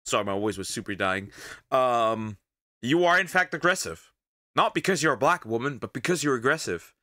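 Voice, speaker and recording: Young guy streamer reacting, sarcastic and rambly, bright voice, lively pitch. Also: normal speed, dry recording, clean studio sound. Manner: rambling, many fillers and restarts, sarcastic. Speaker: VTuber reacting to a video. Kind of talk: casual reaction commentary.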